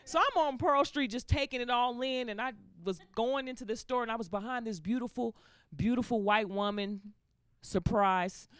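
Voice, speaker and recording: A woman's voice: on the high side, moderate pace. A woman performing a stand-up comedy set, telling stories and acting out the people in them. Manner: animated storytelling, acting out characters. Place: comedy club stage with laughing audience. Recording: live stage mic with audience laughter.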